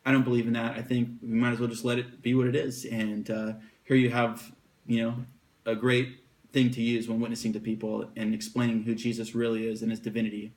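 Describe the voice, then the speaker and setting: A man teaching about a Bible passage in a relaxed, unscripted way, with fillers, slowing down whenever he reads verses aloud. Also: medium pitch.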